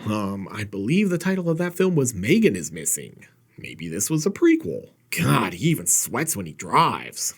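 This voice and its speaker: A man with a husky edge to his voice delivers a sarcastic, wisecracking recap of an old horror film. His pitch swings widely as he jokes. He sounds like a host riffing his way through the plot. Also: big pitch swings, normal speed. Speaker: horror movie reviewer. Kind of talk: comedic movie recap commentary.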